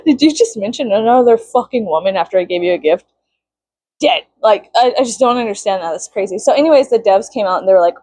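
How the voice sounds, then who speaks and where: A woman's voice: a little high, very animated, brisk, warm tone, no echo. A young woman vlogging casually, venting with lots of swearing and bursts of mock-outraged shrieking.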